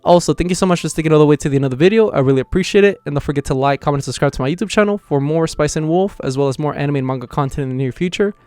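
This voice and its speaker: A man's voice: fairly high pitch, very fast, few pauses, a little mellow, clear, resonant tone, no room sound. A man casually reviewing an anime episode, retelling the plot in a loose, chatty way.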